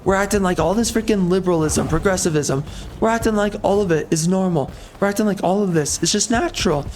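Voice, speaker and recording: A man's voice: sits high, fast talker, darkish tone, a little hiss or hum. A man ranting in heated, emphatic, repetitive commentary over gameplay. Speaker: gaming commentator.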